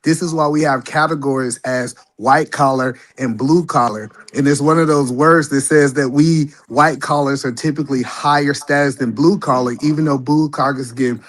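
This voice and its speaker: A man's voice: medium pitch, steady tone, moderate pace, hardly any pauses. A man hosting a live-stream debate, earnestly arguing his point.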